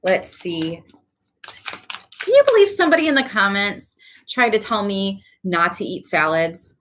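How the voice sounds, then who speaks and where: A woman's voice: medium pitch, unhurried. Chatty woman giving a tarot reading. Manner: chatty, laughs easily, animated asides. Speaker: tarot reader. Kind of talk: casual tarot reading to camera.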